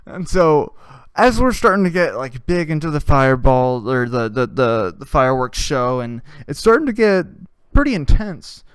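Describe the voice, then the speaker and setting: Guy rambling thru a funny story, swears a lot, hums tunes, smooth clear voice, dry close sound. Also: mid-range voice, sing-song, normal speed, no echo. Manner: laughs often and hums tunes while telling stories; swears freely. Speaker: podcast host. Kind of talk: casual storytelling.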